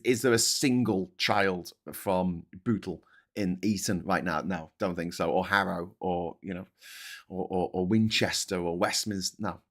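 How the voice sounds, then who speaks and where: A male host giving casual live-stream commentary, ranting in exasperation and swearing a lot, swinging between loud high outbursts and low mutters.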